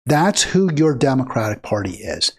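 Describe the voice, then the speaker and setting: A man's voice: mid-range voice, big pitch swings, normal speed, breathy edge. A man commenting on played clips, indignant and emphatic, his voice rising into heated bursts. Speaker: political commentator.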